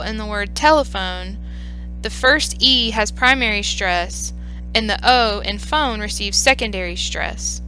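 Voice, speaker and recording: A woman giving a scripted lesson on teaching reading, speaking clearly and in a measured way, slowing down on example words. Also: a little high, bright, forceful tone, poor audio. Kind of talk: scripted instructional narration.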